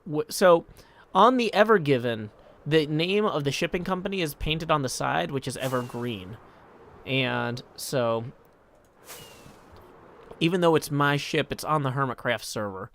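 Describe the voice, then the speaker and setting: A man's voice: on the high side, lively intonation, unhurried, pauses often, a bit bright, slight background noise. A man live-streaming a game, reading chat messages aloud and answering them in a wry, self-deprecating way.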